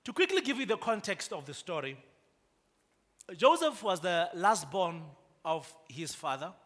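A man's voice: sits high, big pitch swings, measured pace, a bit bright, big-room sound. A man preaching a sermon to a congregation, prompting them to respond and building to emphatic rises. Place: church.

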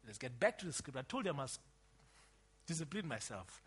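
A man preaching a sermon, emphatic, swinging between loud outbursts and quiet asides. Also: mid-range voice, big pitch swings, brisk, breathy edge.

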